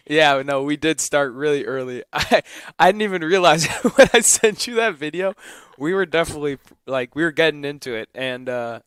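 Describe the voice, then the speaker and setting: A man's voice: on the high side, moderate pace, fairly bright tone, smooth, dry recording. A man in his twenties from Illinois, co-hosting a casual morning radio chat from a studio, rambling with many fillers. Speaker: radio co-host. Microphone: studio microphone.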